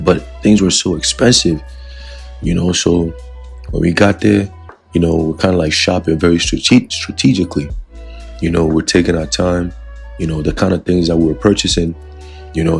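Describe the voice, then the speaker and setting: A man's voice: sits low, creaky, husky. A man giving a casual, rambling spoken testimony and scripture lesson to his religious group. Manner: casual and rambling, with many fillers.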